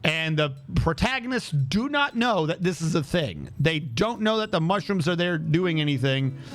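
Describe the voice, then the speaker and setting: A man's voice: a little high, animated, normal speed, fairly bright tone, faint music behind. A man streaming a game, chatting casually in a rambling, incredulous way, with lots of restarts and asides.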